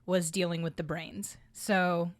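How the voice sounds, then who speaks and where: Woman, lower voice, matter-of-fact co-host, dry mic. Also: little pitch movement, measured pace, no echo. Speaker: podcast co-host. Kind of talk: casual chat.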